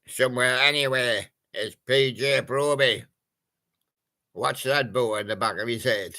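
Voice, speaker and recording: A man's voice: medium pitch, unhurried, pushed and bright. A man, possibly older, doing playful, punning oldies radio patter and breaking into snatches of old songs. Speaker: radio presenter.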